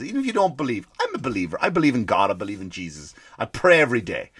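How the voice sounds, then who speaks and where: A man's voice: medium pitch, wildly swooping pitch, very fast, a bit bright, slightly rough, dry recording. A man hosting a comedy podcast, ranting profanely and firing off rhetorical questions. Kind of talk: comedic rant.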